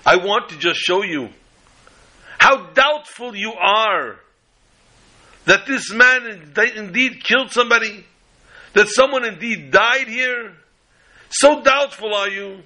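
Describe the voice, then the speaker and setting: A man voicing an impassioned male defense attorney who speaks in booming, slow, drawn-out oratory. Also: pushed and bright, exaggerated voice, rough recording. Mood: grandiose.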